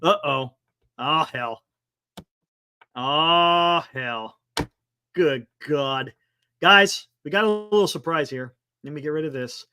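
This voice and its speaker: A man hosting a casual live sports talk stream, excitable and quick to laugh. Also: a little high, slight background noise. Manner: excitable, laughing, talks to guests on a video call. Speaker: sports talk show host.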